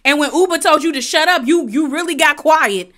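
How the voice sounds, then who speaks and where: A woman vlogger giving casual, blunt and opinionated commentary on a reality TV episode, talking in an animated, slangy way. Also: high voice, a little fast.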